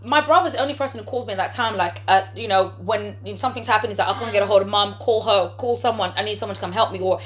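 A woman casually telling a story to a group, animated and acting out the voices of the people in it. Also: mid-range voice, very fast, few pauses, faint music behind.

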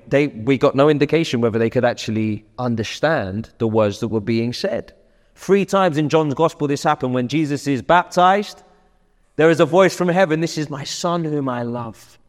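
An earnest male pastor preaches with a slightly high voice, pushing up in volume and then dropping low. He often stumbles and restarts phrases. A long reverb trails behind him like in a big hall. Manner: earnest, with frequent restarts and shifts between loud and quiet. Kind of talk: sermon.

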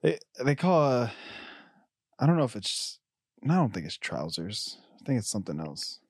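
Young man, easygoing, slangy, laughs a lot, lively pitch, dry sound. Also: normal speed, breathy edge, no echo. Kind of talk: casual chat.

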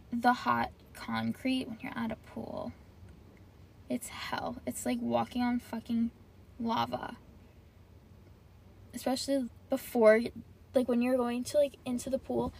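A woman's voice: fairly high pitch, gravelly, darkish tone, a little hiss or hum. A young woman rants casually and profanely on her podcast, sprinkling "like" everywhere while sitting in her car. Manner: profane, complaining, heavy use of "like". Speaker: podcast host. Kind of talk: casual solo podcast rant.

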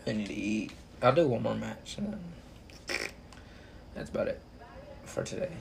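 A man's voice: lowish voice, expressive, normal speed, creaky, background noise. A young man talking over his own online match, ranting and swearing at his teammates in frustration. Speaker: gamer. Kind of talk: live gameplay commentary.

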